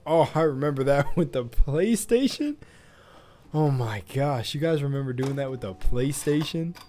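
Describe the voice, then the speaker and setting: A man hosting a reaction video in casual chat, laughing at himself and mumbling while reading, with soft music behind. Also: medium pitch, lively intonation, normal speed.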